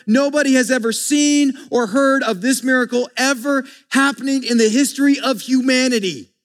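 High-voiced man preaching conversationally. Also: fairly bright tone. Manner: conversational, emphatic preaching with frequent restarts and rhetorical questions. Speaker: pastor. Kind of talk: sermon.

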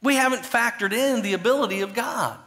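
A man pastor preaching a sermon, animated, swinging between loud emphatic bursts and quiet low asides. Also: a little fast.

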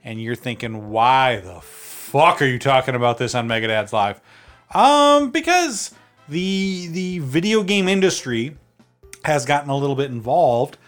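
A man's voice: medium pitch, sing-song, measured pace, fairly bright tone, soft background music. A man co-hosting a casual podcast, chatty, laughing often and using many fillers. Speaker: podcast co-host.

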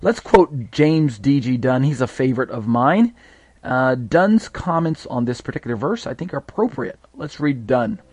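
A man leads a live Bible study, explaining step by step with frequent fillers and restarts. His voice sits at a middle pitch. The sound is dry and close, with no room echo. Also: lively intonation, moderate pace, a little mellow, husky.

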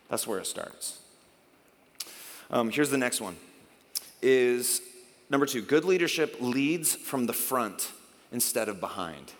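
A middle-aged man preaching a sermon in a chatty, animated way, often acting out little exchanges. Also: mid-range voice, unhurried. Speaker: pastor. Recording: long hall reverb.

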